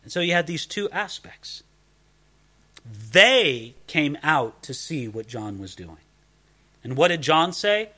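Pastor guy preaching, super animated, bright voice, keeps going right?. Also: a little high, slow pace. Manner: animated, conversational, rhetorical questions. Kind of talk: sermon.

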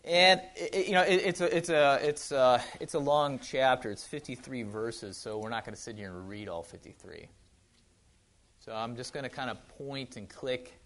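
A man's voice: mid-range voice, moderate pace, a bit bright. A man with a Wisconsin accent giving a casual sermon, chatty with joking asides and frequent restarts. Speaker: pastor.

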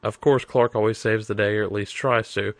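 A man's voice: fairly low pitch, steady tone, no echo. A man co-hosting a casual podcast, reading listener emails aloud in a jokey, laughing way. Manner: laughing, jokey, quick to do silly voices. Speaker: podcast co-host.

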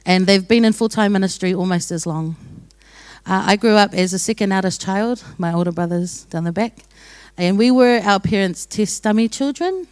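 A woman's voice: medium pitch, normal speed, darkish tone, no echo. A young woman sharing her testimony with a church gathering in a casual, joking way, often laughing as she talks. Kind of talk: sermon testimony.

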